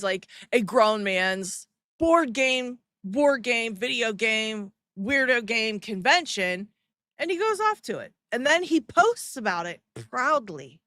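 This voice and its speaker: A woman's voice: on the high side, fairly bright tone, no room sound, studio quality. A woman hosting a live stream who comments sarcastically and mockingly and laughs often while reading the chat. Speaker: livestream host.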